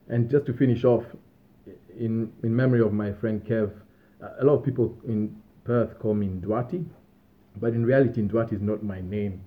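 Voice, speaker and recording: A young man with a fairly low voice rambles easily through his stories as a podcast host, pausing on fillers and small laughs. The sound is thin and tinny, like a phone line. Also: fairly even intonation. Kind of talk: casual storytelling monologue. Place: Australia.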